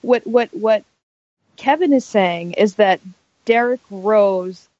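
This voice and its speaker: A woman on a podcast panel, bantering casually and teasing her co-hosts with quick remarks. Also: mid-range voice, darkish tone, no room sound, lo-fi sound. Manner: teasing, quick-witted interjections.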